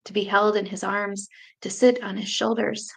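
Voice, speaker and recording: A woman poet reading her own memoir poems aloud in a slow, measured, grave way with long pauses. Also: mid-range voice, little pitch movement, vocal fry, breathy edge.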